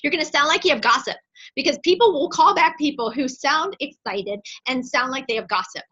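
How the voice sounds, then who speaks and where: Bright, energetic middle-aged woman trainer. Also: high voice, a little fast. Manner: energetic, emphatic, dramatizes phone scripts. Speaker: direct-sales trainer. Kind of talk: motivational training class. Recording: dull lo-fi recording.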